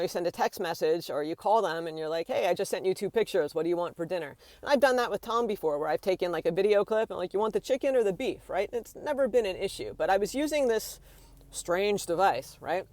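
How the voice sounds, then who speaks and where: Female vlogger, chatty storytime delivery, quotes people with voices, mid-pitched, dead-dry close mic. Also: no room sound. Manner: animated retelling with many fillers, acts out quoted voices. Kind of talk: storytime vlog.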